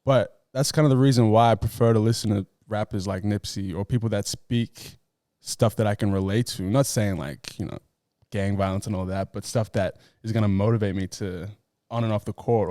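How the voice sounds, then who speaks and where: A man co-hosting a podcast, talking in a casual, animated, teasing way. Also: on the low side, moderate pace, few pauses, no room sound, clean studio sound. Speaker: podcast co-host. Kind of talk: casual group chat.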